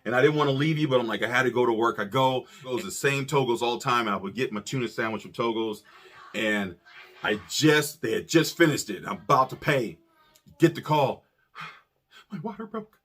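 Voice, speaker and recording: A man co-hosting a casual chat, telling a story in an animated, profane way and acting out quotes. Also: mid-range voice, moderate pace. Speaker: podcast co-host.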